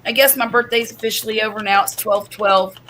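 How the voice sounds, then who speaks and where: A woman's voice: a little high, steady tone, fairly quick, fairly bright tone, slight background noise, rough recording. A woman, hosting a chatty livestream from home and laughing often. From US Gulf Coast. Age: 50s. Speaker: livestream host. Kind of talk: casual livestream chat.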